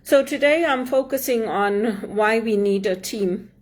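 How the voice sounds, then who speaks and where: A middle-aged woman from Zimbabwe, a speaker and mentor, offers an earnest, measured motivational talk in a Zimbabwean accent. Her voice sits at a fairly high pitch.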